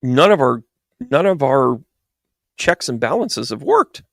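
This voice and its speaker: A man's voice: mid-range voice, sing-song, measured pace, gravelly, a bit bright, dry recording, clean studio sound. A man giving a rambling, exasperated political commentary monologue with sarcastic asides. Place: New York.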